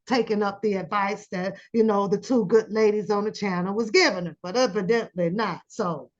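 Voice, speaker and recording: A woman hosting a casual commentary channel, telling a story with lively acted-out quotes. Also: medium pitch, moderate pace, muffled recording. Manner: animated storytelling, acts out quoted voices.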